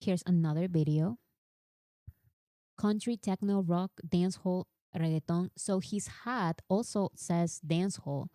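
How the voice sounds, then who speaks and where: Woman, live-stream host, animated fan chatter, mellow low-ish tone, dry close sound. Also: a little slow, dry recording. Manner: chatty, animated, reads quotes aloud.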